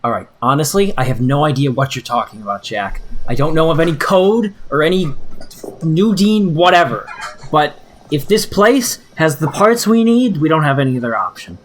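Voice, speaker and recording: A man's voice: a little high, expressive, moderate pace, slight background noise, close to an everyday voice. A man voicing a nervous, earnest young prince who stammers, during a tabletop role-play. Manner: stammering, hesitant.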